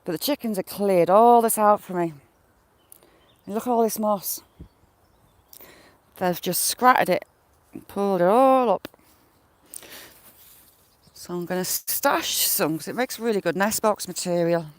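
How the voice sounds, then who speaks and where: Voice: mid-range voice, unhurried, pauses often, no room sound. A smallholder chatting casually on a live stream outdoors, talking to the animals and viewers with mild swearing. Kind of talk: casual live-stream chat while doing yard chores. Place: outdoors in a yard by a field. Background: birds and chickens.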